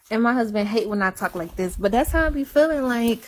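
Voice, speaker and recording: Chatty woman with a fairly high voice. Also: lively intonation, quick pace, hardly any pauses. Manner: rambling, repeats herself, drops to a hush then rises to giggly high exclamations. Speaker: live streamer. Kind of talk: casual confessional chat. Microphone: phone.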